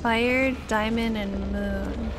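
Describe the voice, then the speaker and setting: A woman's voice: a little high, steady tone, drawn-out words, over music. A woman streamer chatting casually while playing a co-op horror game, giggling and shrieking with fright. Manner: giggly, shrieks and swears when scared. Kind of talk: casual co-op gaming chat.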